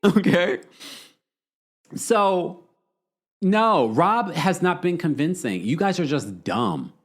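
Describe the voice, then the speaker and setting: Slow and very animated, a high-voiced man hosts a livestream as a podcaster, reading viewer comments aloud between casual chatter and blunt, exasperated rants.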